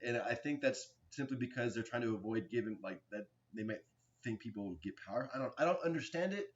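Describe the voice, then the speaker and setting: A man in his forties giving a rambling, aggrieved personal account, halting often with restarts and fillers. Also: mid-range voice, expressive. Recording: dull lo-fi recording.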